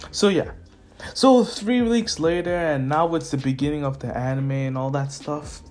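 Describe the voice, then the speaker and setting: A man's voice: on the high side, normal speed. Rambling casual storyteller man. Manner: rambling, chuckling, self-correcting. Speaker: YouTube storyteller. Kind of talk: casual fan-fiction retelling. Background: faint lo-fi music.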